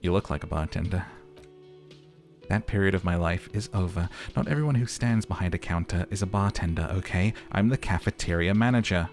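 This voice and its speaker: A man's voice: low-pitched, brisk, soft background music. A man voicing a touchy, sarcastic male hostel cafeteria manager who mocks and complains. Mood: mocking. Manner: mocking, exasperated, theatrical.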